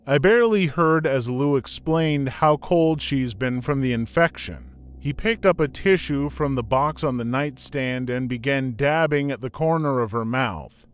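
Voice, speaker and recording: A man narrating a scripted horror story in a steady, measured reading. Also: mid-range voice, clear, resonant tone.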